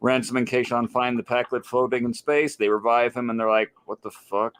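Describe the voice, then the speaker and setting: Podcast host guy doing a recap, kinda monotone, casual. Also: mid-range voice, fairly quick, smooth. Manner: monotone delivery.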